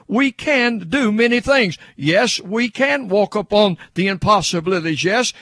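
A man's voice: high-pitched, fairly bright tone, dry recording. An older man preaching a fervent radio broadcast sermon, addressing listeners as "sir" and building repeated "yes" refrains.

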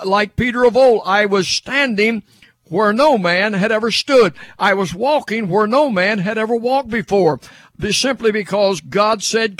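A man's voice: high voice, a bit bright, dry recording. An older man preaching a fervent radio broadcast sermon, addressing listeners as "sir" and building repeated "yes" refrains.

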